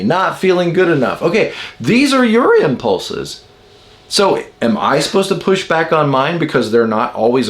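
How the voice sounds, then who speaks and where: Man teaching in a musing, conversational way. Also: a little high. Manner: conversational, musing aloud with fillers and rhetorical questions. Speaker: personality-type teacher. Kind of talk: casual spoken lesson.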